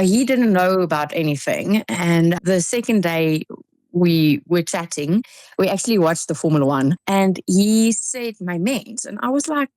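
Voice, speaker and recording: A woman's voice: medium pitch, a little mellow, dry recording. A young South African woman with a South African accent, a singer chatting as a radio guest, giggly with lots of fillers and restarts. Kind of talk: radio interview. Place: radio studio.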